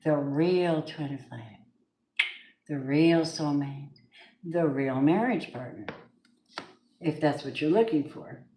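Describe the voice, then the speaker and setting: A woman with a fairly low voice gives a live tarot reading, chatting along and now and then rising into emphatic, preacher-like bursts. The room is echoey, and a faint hiss sits under her voice. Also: slow, pauses often, dark tone. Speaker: tarot reader.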